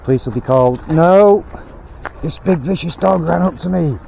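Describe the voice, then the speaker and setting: A man's voice: on the high side, moderate pace, creaky, dark tone, a little hiss or hum, rough recording. A man vlogging outdoors on a canal towpath, ranting bluntly in a rambling way and swearing now and then. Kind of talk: casual rant while walking.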